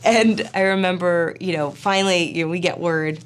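A woman who acts and directs, telling a story in a casual interview, chatty and animated with plenty of fillers. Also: fairly low pitch, normal speed, clear, resonant tone. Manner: animated, chatty, full of fillers and quoted asides. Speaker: actor and film director.

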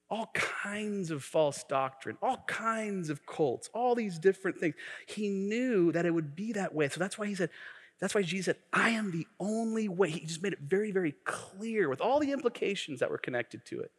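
A man in the pulpit, preaching a lively sermon full of jokes and acted-out quotes. His voice sits fairly high for a man, and the sound carries a long reverb through a large sanctuary. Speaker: pastor. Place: church sanctuary.

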